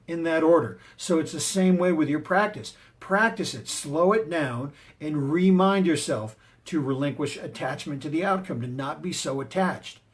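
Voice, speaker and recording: A man giving a motivational talk on confidence, emphatic and punchy, telling personal stories to drive his points home. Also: fairly high pitch. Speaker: motivational speaker and martial arts teacher.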